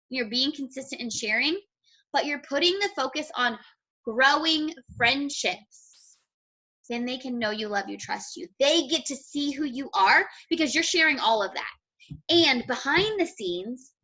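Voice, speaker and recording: A woman's voice: sits high, sharp tone. A young woman leading a motivational team call, chatty and blunt, swearing casually as she coaches. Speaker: team leader.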